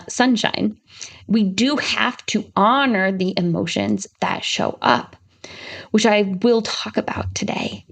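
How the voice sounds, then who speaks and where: A woman's voice: mid-range voice, creaky. Woman podcast host from Michigan, young adult, casual reflective monologue with lots of fillers. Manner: warm, reflective storytelling with many "you know" fillers.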